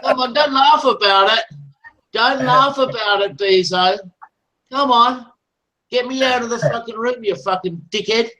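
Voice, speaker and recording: A man's voice: very high voice, unhurried, sharp tone, slight background noise, low-quality recording. A man in a heated online voice chat, taunting aggressively and swearing constantly. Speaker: voice chat participant.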